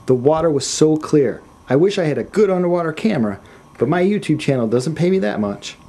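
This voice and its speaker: A man's voice: fairly high pitch, lively intonation, fairly quick, background noise. An American man narrating his travel vlog with wry, self-mocking humor. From United States. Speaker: travel vlogger.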